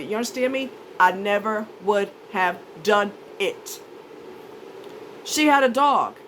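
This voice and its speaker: A woman's voice: on the high side, fairly bright tone, slight background noise, low-quality recording. A woman telling a story as a vlogger, ranting in an indignant, sarcastic and emphatic way. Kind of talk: storytime rant.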